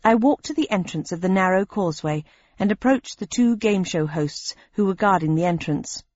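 Expressive woman audiobook narrator, lively pitch, dry booth sound. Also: moderate pace, dry recording, lo-fi sound. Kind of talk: scripted first-person narration.

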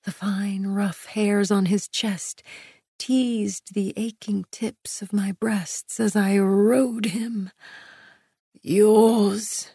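Slow husky woman narrating romance. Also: medium pitch, steady tone, dry recording, clean studio sound. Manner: soft, breathy, intimate. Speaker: audiobook narrator. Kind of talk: first-person romance audiobook narration.

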